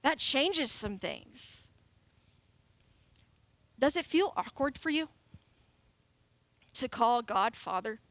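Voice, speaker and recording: A woman's voice: a little high, lively intonation, takes it slowly, long pauses, fairly bright tone, no room sound. A woman in her late twenties giving a casual, playful sermon as a youth pastor. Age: 20s. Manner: casual, chatty and playful, laughing often.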